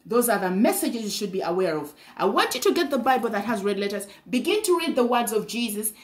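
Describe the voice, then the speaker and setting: A woman's voice: a little high, very animated, brisk, roomy sound. A woman preaching a fervent sermon, breaking in with hallelujah and sometimes stumbling over her words.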